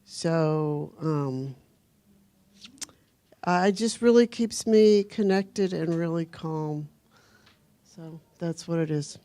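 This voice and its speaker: Brief: attendee, unhurried and thoughtful, dry close-miked sound. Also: medium pitch, warm tone, dry recording. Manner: slow, thoughtful, searching for words. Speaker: workshop attendee sharing. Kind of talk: personal sharing at a recovery meeting.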